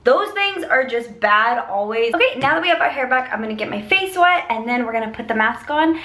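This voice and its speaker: Bubbly high-voiced young woman vlogger. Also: animated, brisk, fairly bright tone. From United States. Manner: bubbly, chatty, giggly. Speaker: beauty vlogger. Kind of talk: casual product review vlog.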